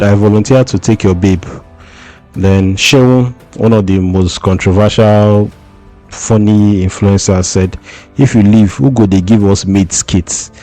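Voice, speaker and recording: A man's voice: lowish voice, warm tone. A man giving casual commentary and reading out posts in a conversational way. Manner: conversational, reads out tweets. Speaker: commentary host.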